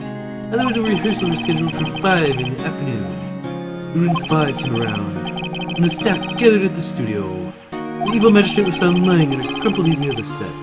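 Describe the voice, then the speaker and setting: A fearful, hesitant grown man from a video game, stammering through his story, as a man puts him on. His pitch rises and falls a lot, and loud game music plays behind him. He sounds gentle and easily frightened. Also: very animated, fairly quick. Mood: nervous. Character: timid, nervous grown man actor. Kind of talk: fan dub of a video game.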